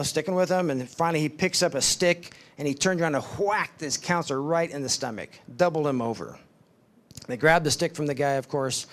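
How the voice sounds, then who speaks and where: Male devotional speaker, slightly high voice, storytelling who voices the people in his stories. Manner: storytelling, acts out quoted voices, slows for emphasis. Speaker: speaker at a ministry summit.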